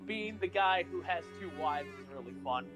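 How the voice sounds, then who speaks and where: A man's voice: on the high side, lively intonation, normal speed, over music. A man chatting casually on a live stream, telling stories with laughs. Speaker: theater actor and co-host.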